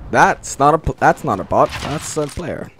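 A man giving live gameplay commentary, reacting out loud and swearing a lot as he plays. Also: a little high, lively intonation, normal speed, a little hiss or hum. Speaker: gaming channel host. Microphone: desk mic on a stand. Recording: loud gunfire under the voice. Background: shooter game gunfire.

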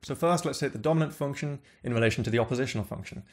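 A man's voice: medium pitch, racing. Formal man explaining a theory. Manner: formal, jargon-heavy, precise. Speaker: guest theorist. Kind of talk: explanatory monologue.

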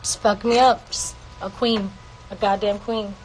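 A woman's voice: medium pitch, little pitch movement, moderate pace, faint music behind, rough recording. A woman singer casually answering fan questions on a livestream from home, playful and swearing freely. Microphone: phone.

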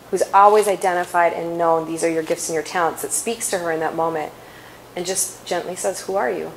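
A woman giving a faith-based inspirational talk at a conference, chatty and quick to laugh, often correcting herself mid-sentence. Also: fairly low pitch, a little hiss or hum, poor audio. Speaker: conference speaker.

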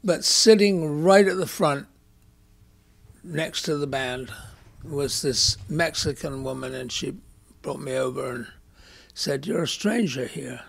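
An English man in his eighties tells his stories as a guest. His voice sits a little high and rasps with a gravelly edge. He acts out the lines of the people he remembers in a wry, anecdotal way. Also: slow, long pauses, a bit bright. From England. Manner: anecdotal, wry, with dramatized quotes. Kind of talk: storytelling in a conversation.

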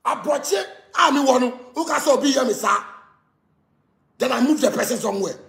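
A Ghanaian-accented man, a musician, in a heated rant that switches between pidgin and English and often breaks into shouting. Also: very high-pitched, animated, brisk, vocal fry, echoey room. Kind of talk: angry rant.

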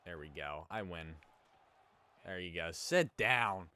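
A young man casually commentating on his own hockey video game as he plays, chatting and reacting loudly to plays. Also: sits low, steady tone, a little slow, clean tone. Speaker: gaming YouTuber. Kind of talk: casual let's play commentary.

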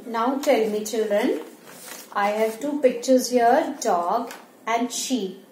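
Speaking slowly with a somewhat high voice and a darkish tone, a woman teacher revises animals with young children in a school classroom. She quizzes them, answers herself and makes animal noises; the room is echoey with faint ambient sound.

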